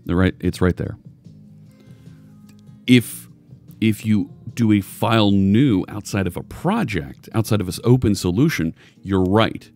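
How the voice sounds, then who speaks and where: A man's voice: on the low side, lively intonation, a little slow, a little mellow, soft background music. A man hosting a casual live coding stream, chatting loosely and joking with viewers as he works. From United States. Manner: rambling, chatty, jokey.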